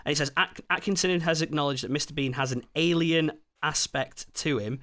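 A man's voice: a little high, sharp tone. A man co-hosting a casual film podcast, often restarting his sentences as he talks. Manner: halting, repeats words when starting. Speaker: podcast co-host. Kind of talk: casual film review chat.

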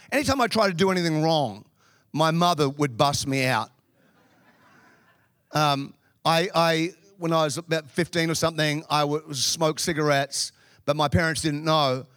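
A man's voice: fairly high pitch, a bit bright, no echo. A middle-aged Australian man preaching a sermon through humorous, self-deprecating stories from his youth. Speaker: pastor. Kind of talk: storytelling sermon.

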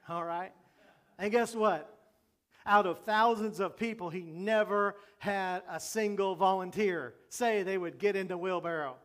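A man's voice: high-pitched, steady tone, normal speed. A man pastor preaching a sermon in a conversational way, asking the congregation questions and joking along the way.

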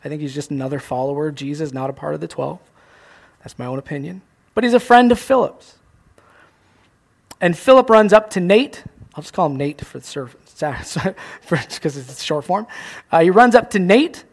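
A young man preaching a sermon as pastor, animated, acting out little scenes and joking at his own expense. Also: on the high side, normal speed, gravelly, pauses often. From Canada. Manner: animated, acts out voices, self-mocking jokes.

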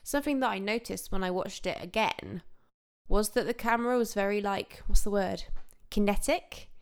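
A woman's voice: mid-range voice, moderate pace, clear, resonant tone. A young woman co-hosting a film podcast in casual, chatty talk, laughing often. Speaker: podcast co-host. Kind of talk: casual chat.

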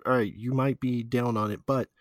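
A man's voice: medium pitch, fairly even intonation, moderate pace, no room sound, studio quality. A man chatting casually about a video game, rambling with lots of fillers and frequent laughs. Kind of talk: casual chat.

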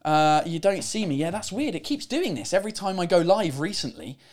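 A man hosting a live-streamed drinking chat show in a studio, loud, playful and profane, switching between English and French. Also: sits high, very animated, fairly quick.

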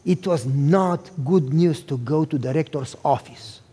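Animated, high-voiced accented preacher. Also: male voice, a little slow, husky. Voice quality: accented speech. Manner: animated, acts out dialogue, talks directly to the listeners. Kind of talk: storytelling sermon. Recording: reverberant hall.

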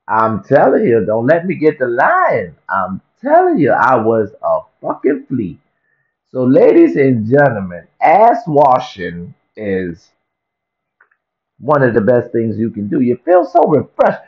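A man's voice: medium pitch, unhurried. A man ranting profanely and comically to camera in a vlog, repeating himself for effect. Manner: profane, animated, repetitive rant. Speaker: vlogger. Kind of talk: comedic rant to camera. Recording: dull lo-fi recording.

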